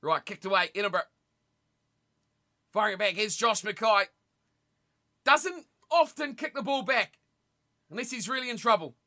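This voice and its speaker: A young man streaming a rugby watch party, commentating on the play and chatting casually with his viewers, with sudden loud reactions. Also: sits high, animated, normal speed, pauses often. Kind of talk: casual live commentary and chat.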